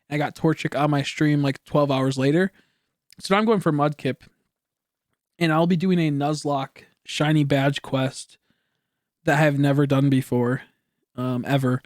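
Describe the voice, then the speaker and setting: A young man chatting casually on a home stream, his voice sitting a little high for a man. He rambles, corrects himself and swears offhandedly, with a cough now and then. The sound is dry and close, with no room echo. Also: a little mellow. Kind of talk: casual chat.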